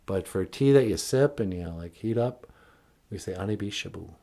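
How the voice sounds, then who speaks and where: A man spins a comic story about his cartoons and puppets in a folksy, rambling way. His pitch swings widely from line to line. The delivery is animated and digressive. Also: moderate pace.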